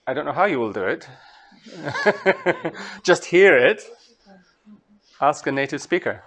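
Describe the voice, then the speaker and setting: Male lecturer from Scotland, fairly high voice, unhurried classroom delivery. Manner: unhurried, explains step by step, recites lines slowly. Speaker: lecturer leading a master class. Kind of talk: classroom lecture with recited verse.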